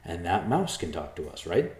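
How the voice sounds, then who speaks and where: A man's voice: low-pitched, big pitch swings, normal speed, a little mellow. A man voicing a thoughtful young human man who reasons things out. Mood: earnest. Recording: roomy echo.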